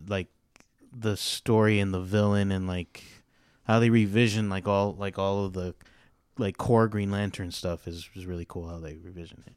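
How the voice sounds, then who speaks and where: Guy rambling on a podcast, lots of likes and uhs, smooth lowish voice, dry close mic. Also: fairly even intonation, moderate pace, darkish tone, no room sound. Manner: rambling, many fillers and restarts. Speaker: podcast guest. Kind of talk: casual chat.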